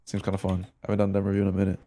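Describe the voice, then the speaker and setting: Laid-back, low-voiced male game streamer. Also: very fast, slight background noise. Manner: relaxed, slangy, swears, thinks aloud to chat. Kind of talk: casual live-stream commentary and demo review.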